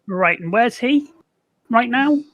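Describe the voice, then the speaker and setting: An older man playing a tabletop game, speaking deliberately with a mock-menacing edge. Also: extremely high pitch, expressive, a bit bright, no room sound. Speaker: player.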